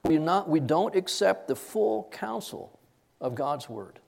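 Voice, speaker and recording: A middle-aged man delivering a sermon in a somewhat high voice. He preaches emphatically, pushing his voice up for stress and letting it fall to near quiet. The tone is insistent and direct. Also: expressive, takes it slowly, gravelly. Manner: emphatic, rises and drops sharply for stress. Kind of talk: expository sermon.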